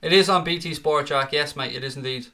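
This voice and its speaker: Sweary, excitable Scouse fan commentator. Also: male voice, fairly high pitch, a little fast. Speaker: watchalong host and fan commentator. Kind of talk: live fan commentary and chat reading.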